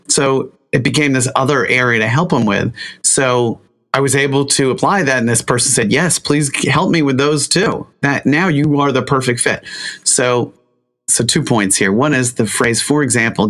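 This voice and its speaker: A man's voice: mid-range voice, a bit bright. A man who works as a media trainer, a guest on an interview, telling stories to make his points in a coaching way. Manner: coaching, storytelling with emphasis. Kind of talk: conversational interview.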